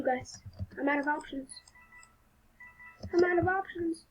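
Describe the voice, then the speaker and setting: A woman's voice: sits high, unhurried, pauses often, a little mellow, highs cut off, slight background noise. A young woman commenting on a video game as she plays, turning panicky and often dropping to a whisper. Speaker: gaming video host. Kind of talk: live gameplay commentary.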